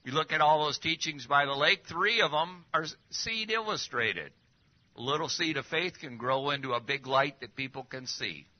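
Lively preacher man, dull lo-fi sound. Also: fairly high pitch, moderate pace. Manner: lively, rhetorical questions, drops to near-whispers. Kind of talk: sermon. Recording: dull lo-fi recording.

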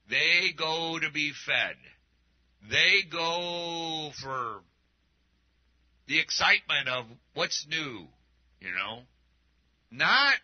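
A man's voice: fairly high pitch, highs cut off. A male pastor preaching a sermon in a conversational, rambling way, often restarting and adding asides.

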